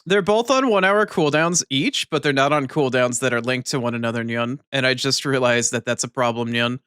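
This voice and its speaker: This male live streamer has a medium-pitched, fairly bright, clear and resonant voice, recorded dry like a booth with no echo. Chatty and profane, he talks casually with viewers, ends his lines with a cat-like "nyan," and mumbles unhurriedly while eating.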